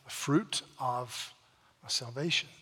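A man's voice: medium pitch, takes it slowly, bright, forceful tone, breathy edge, long reverb tail. A man preaching a sermon, dramatically retelling scripture stories, with frequent restarts. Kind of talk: sermon storytelling.

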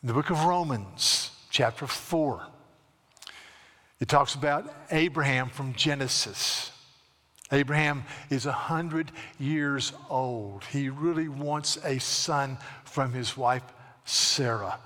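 A man's voice: mid-range voice, slow, sharp tone. A man who is a Baptist pastor, preaching a sermon in a folksy, storytelling way that builds to emphatic preaching. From South Carolina, USA. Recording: long reverb of a large hall.

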